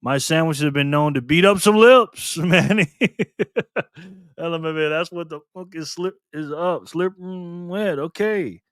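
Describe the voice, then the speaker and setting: A fairly high-voiced man runs a loose, playful live stream, reading out viewer comments and hyping up players with frequent laughter. The sound is dry and close, with no room echo. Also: unhurried, fairly bright tone, smooth. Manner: reads viewer comments aloud and cheers players on. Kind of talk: casual live stream chat.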